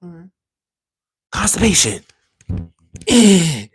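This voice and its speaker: A man's voice: high voice, big pitch swings, slow, slightly rough. A man hosting a casual livestreamed podcast, rambling and emphatic, with slangy, profane talk and frequent restarts. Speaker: podcast host.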